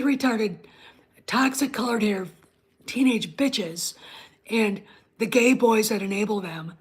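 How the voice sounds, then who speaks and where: A woman with a slightly high voice and a breathy edge hosts her own online show. Talking straight to her live chat, she rants bluntly with plenty of swearing in a casual livestream.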